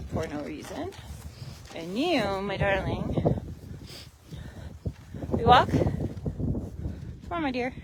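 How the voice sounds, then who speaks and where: A mid-pitched woman working with horses in a paddock. She coos soft encouragement to them and explains her training to the camera. Heavy outdoor noise runs under her voice throughout. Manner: soft coaxing baby talk to animals, mixed with explanation to viewers. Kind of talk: casual vlog while training horses.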